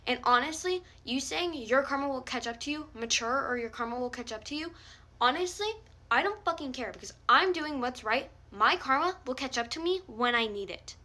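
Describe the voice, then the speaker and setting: A woman's voice: high-pitched, lively intonation, brisk, pushed and bright. A young woman delivering a heated, confrontational rant straight to the camera, swearing often. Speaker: vlogger calling someone out. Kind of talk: angry direct-to-camera rant.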